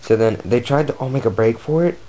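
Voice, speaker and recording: A man's voice: mid-range voice, fairly quick, warm tone, low-quality recording. A man telling an improvised comic story in a rambling, goofy, off-the-cuff way.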